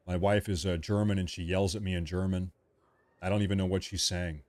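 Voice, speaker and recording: A man's voice: deep voice, steady tone, normal speed, a little mellow, no room sound. A man hosting a live stream of political commentary. He reacts to viewer chat in an emphatic, repetitive way, joking about being a little irritable.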